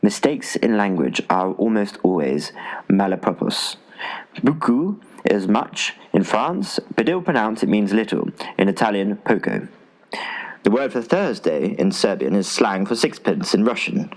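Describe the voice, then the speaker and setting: A man reading a travel essay aloud as an audiobook narrator, in an expressive style with dry humor. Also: fairly low pitch, a little slow, rough recording. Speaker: audiobook reader. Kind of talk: scripted narration.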